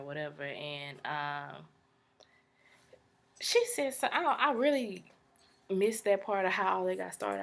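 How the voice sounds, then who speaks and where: A woman's voice: on the low side, creaky, fairly bright tone. A woman chattily recapping a TV drama episode in slangy talk, often dropping into whispered asides. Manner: dismissive "blah, blah" paraphrasing. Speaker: TV episode reviewer.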